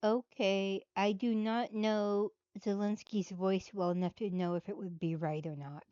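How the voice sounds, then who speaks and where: A woman's voice: medium pitch, steady tone, unhurried, mellow, clear, resonant tone, no room sound. A woman hosting a casual live commentary, blunt and sarcastic. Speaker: host. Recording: dull dry lo-fi.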